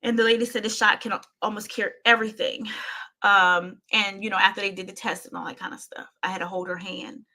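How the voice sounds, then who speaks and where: A woman's voice: medium pitch, flat delivery, brisk, bright, forceful tone. A woman hosting her own show, telling a painful personal story with intensity, often repeating herself and speaking straight to her listeners. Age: adult parent.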